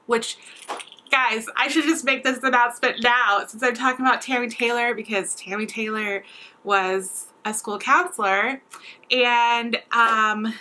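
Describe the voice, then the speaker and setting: Young female beauty vlogger, casual chatter to camera, crisp, forward voice. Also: mid-range voice, bright, forceful tone, rough recording. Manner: chatty, rambling with many fillers. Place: at home, indoors.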